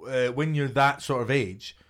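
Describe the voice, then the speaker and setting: A man's voice: mid-range voice, a little slow, fairly bright tone. A young man hosting a podcast, telling stories in a laid-back, sweary, casual chat. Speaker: podcast host.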